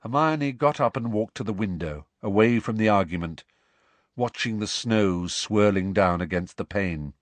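A man narrating an audiobook in a measured, expressive way. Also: on the low side, no echo.

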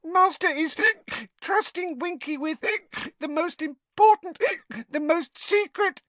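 A man voicing a drunk, tearful, fiercely loyal female house elf with a squeaky voice and broken grammar, in an audiobook. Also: takes it slowly, a bit bright, dry recording, exaggerated voice. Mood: indignant. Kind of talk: audiobook character voice.

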